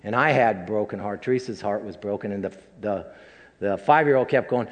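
An older man, a pastor, delivering a personal sermon in a halting, emotional way, full of restarts, in a church sanctuary. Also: on the low side. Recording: long reverb of a large hall.

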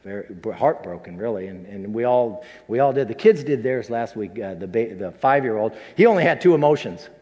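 An older man, a pastor, delivering a personal sermon in a halting, emotional way, full of restarts, in a church sanctuary. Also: lowish voice, expressive, a little mellow. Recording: long reverb of a large hall.

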